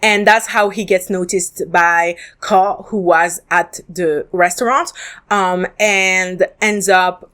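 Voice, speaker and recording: A woman's voice: lowish voice, steady tone, slow pace, a bit bright. A woman hosting a solo podcast, reviewing a drama in a candid, chatty way with frequent ums and restarts.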